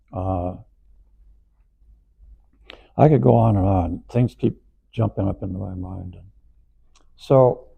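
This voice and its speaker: An older man being interviewed, rambling through anecdotes with frequent chuckles, his voice gravelly. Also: fairly low pitch, warm tone, low-quality recording. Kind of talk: anecdotal storytelling.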